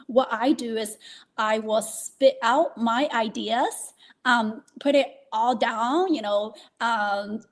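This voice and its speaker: A woman hosting a podcast interview, talking hesitantly with many fillers and affirmations. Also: fairly high pitch. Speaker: podcast host. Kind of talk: casual interview chat.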